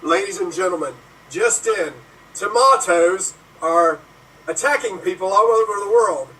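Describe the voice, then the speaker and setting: A man playing a male TV news anchor announcing breaking news in a slow, announcing delivery. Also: high-pitched, bright, forceful tone, recorded from a distance, rough recording. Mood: urgent.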